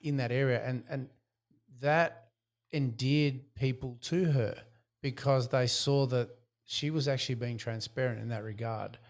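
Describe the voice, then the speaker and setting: A man's voice: mid-range voice, fairly even intonation, measured pace. A man co-hosting a business podcast, talking reflectively and telling anecdotes with quoted back-and-forth dialogue. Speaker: podcast co-host. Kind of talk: casual business podcast chat.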